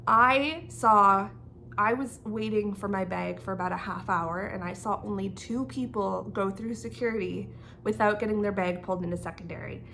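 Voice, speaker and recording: A young woman from Canada telling an animated storytime as a knitting vlogger, laughing as she goes and acting out the dialogue. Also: mid-range voice, moderate pace, creaky, slight background noise. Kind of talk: casual storytime.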